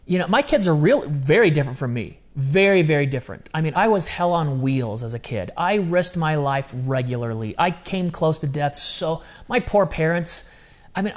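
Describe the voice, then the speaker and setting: A man with a voice a little higher than the usual male range is a podcast guest, speaking candidly and earnestly as he tells confessional stories. He frequently quotes what he once said, as if reenacting a conversation.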